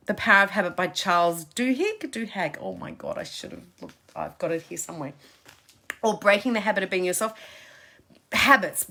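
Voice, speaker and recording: A woman's voice: medium pitch, fairly bright tone. A woman success coach giving a motivational live-stream talk, chatty and emphatic, repeating phrases for stress, on a phone or webcam at home.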